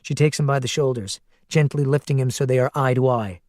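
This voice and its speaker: Male audiobook narrator, mid pitch, measured and steady, dry studio read. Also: no echo. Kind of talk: scripted narration.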